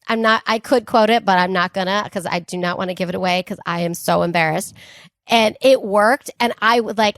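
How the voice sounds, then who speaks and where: A woman's voice: a little high, moderate pace, a bit bright, no room sound, clean studio sound. A woman co-hosting a podcast in casual chat, reacting often with laughs and telling candid, self-mocking stories. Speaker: podcast co-host.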